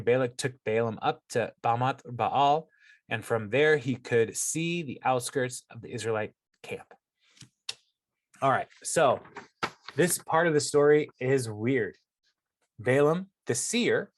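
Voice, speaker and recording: A man giving a casual Bible study talk, first reading a passage aloud and then explaining it in a chatty way with many fillers and restarts. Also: mid-range voice. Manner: conversational, many fillers and restarts, laughs at the story. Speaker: Bible teacher.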